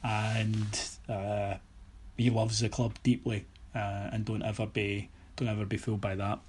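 A Scottish man telling stories on a podcast in a casual, animated way, mimicking other people and swearing now and then. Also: fairly low pitch, a little slow, slightly rough. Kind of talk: casual anecdotal storytelling.

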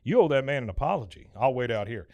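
A man's voice: medium pitch, animated, fast talker, a little mellow, dry recording, natural voice. A man voicing an anxious, deferential middle-aged dad who speaks politely. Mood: stern.

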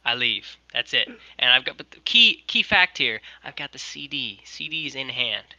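A man's voice: mid-range voice, moderate pace, dry recording, dull audio. A young man, a guest on a video call, telling a long story in casual chat with lots of "like" fillers. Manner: animated, many "like" fillers. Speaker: guest, merch maker.

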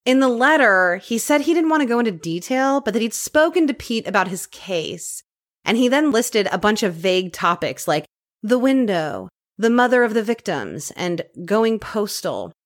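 Lively woman telling a true crime story. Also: medium pitch. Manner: lively storytelling, reads case details aloud. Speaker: podcast co-host. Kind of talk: true crime podcast chat.

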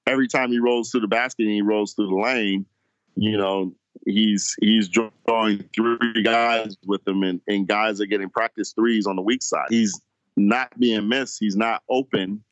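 Man, sports podcast co-host, halting casual chat, lowish voice, dry muffled mic. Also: steady tone, dry recording. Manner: halting, many restarts and fillers.

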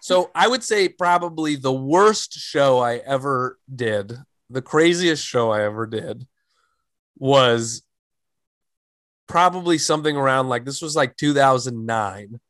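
A man's voice: mid-range voice, lively intonation, measured pace, a bit bright, no room sound. A man who is a stand-up comedian, telling stories in casual chat and rambling with many fillers and restarts.

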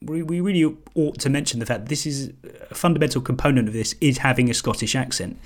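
A man hosting a casual football podcast, talking in halting, restarted phrases. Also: mid-range voice. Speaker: podcast host. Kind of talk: casual chat.

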